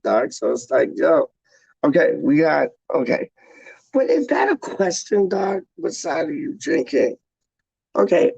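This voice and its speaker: A man's voice: medium pitch, gravelly, a little mellow, slightly rough, no echo, low-quality recording. A man chatting casually on a live stream, slangy and laid-back, answering questions from viewers. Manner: slangy, laid-back, says "dog" and "straight up". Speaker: vlogger answering chat questions.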